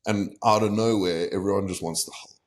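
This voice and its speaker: A man's voice: fairly low pitch, fairly even intonation, fairly quick. A young man from South Africa, a podcast guest, telling a candid story and acting out what people said to him. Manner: candid, retells conversations in quoted voices. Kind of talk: casual storytelling.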